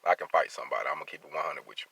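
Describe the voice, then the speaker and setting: Deep voiced guy ranting on his vlog, mad and cussing, blunt as hell. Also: lively intonation, racing, creaky, pushed and bright, breathy edge, no room sound. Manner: blunt, profane, heated street talk. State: angry. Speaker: traveling field welder. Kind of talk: venting vlog monologue.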